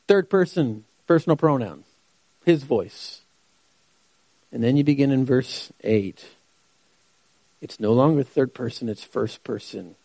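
A man's voice: medium pitch, unhurried, vocal fry, pauses often, mellow, no room sound. A man preaching a sermon who asks rhetorical questions and repeats key phrases for emphasis. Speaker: pastor.

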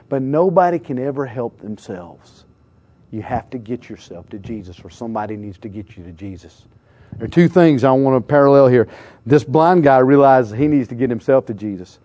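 A man preaching a lively youth sermon, slangy and full of questions to his listeners. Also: medium pitch, muffled recording. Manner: acts out crowd voices, slangy, calls out questions to listeners. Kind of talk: animated sermon.

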